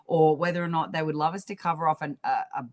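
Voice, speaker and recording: A woman co-hosting a podcast in relaxed, casual chat, with many fillers. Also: low voice, quick pace. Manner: relaxed, full of "um" and "you know". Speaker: podcast co-host.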